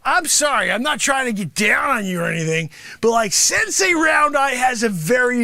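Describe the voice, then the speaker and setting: A loud, bragging karate sensei, as a man puts him on in an improv comedy bit, always selling his lessons and berating his class. The voice sits very high with a bright, gravelly edge and swings wildly up and down. It sounds dry and close, with no room around it. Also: no room sound, full character voice. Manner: loud, scolding, shouting bursts. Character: boastful, money-grabbing male karate sensei who berates his students.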